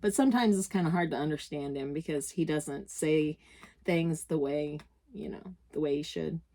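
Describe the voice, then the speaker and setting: A woman's voice: low-pitched, moderate pace, mellow. An older woman with a Midwestern American accent, chatting casually while crafting, rambling through stories, laughing often and correcting herself. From United States. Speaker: crafting vlogger.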